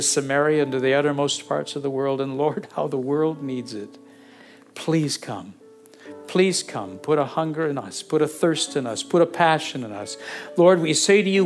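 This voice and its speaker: A male pastor preaching a sermon and leading prayer, fervent, building from quiet talk to urgent pleading and repeating phrases for emphasis. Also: fairly high pitch.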